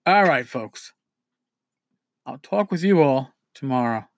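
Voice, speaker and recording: A man's voice: medium pitch, lively intonation, slow pace, dry recording. A man with a New York accent hosting a casual solo show, rambling and correcting himself as he talks. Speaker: podcast host.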